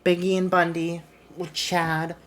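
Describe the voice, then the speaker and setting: A woman's voice: on the low side, level tone, a little slow. A woman streamer chatting casually while she plays a wrestling booking game, swearing offhandedly.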